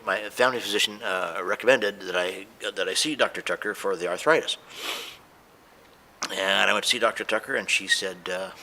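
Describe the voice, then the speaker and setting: A man tells his story as a patient, emotional and hesitant, stumbling through restarts and fillers. His voice sits a little low but sounds bright. Faint noise hangs behind him. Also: a little fast. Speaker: patient giving a testimonial. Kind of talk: unscripted testimonial.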